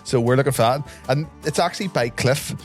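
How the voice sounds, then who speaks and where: A man's voice: mid-range voice, brisk, soft background music. A man with a Northern Irish accent co-hosting a podcast, telling stories in casual chat and laughing often. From Ireland. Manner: chatty storyteller, laughs often, says "wee". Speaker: podcast co-host.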